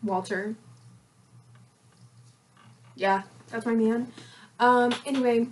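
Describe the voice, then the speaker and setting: Young woman, gossipy storyteller, casual podcast chat, higher pitch, faint hiss. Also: slow. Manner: animated gossipy storytelling with laughs. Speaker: podcast co-host.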